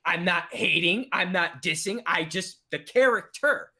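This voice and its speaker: Co-host man, bright and slightly high voice, relaxed casual movie talk. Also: measured pace. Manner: relaxed, explains film terms plainly. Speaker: podcast co-host. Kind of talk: casual live movie commentary.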